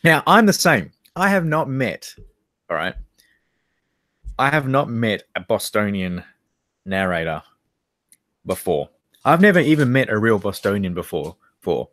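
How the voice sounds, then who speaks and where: A man's voice: lowish voice, sing-song, unhurried, long pauses, fairly bright tone, dry recording, clean studio sound. An Australian man co-hosting a casual livestream, laughing often and reading chat comments aloud. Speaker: livestream co-host.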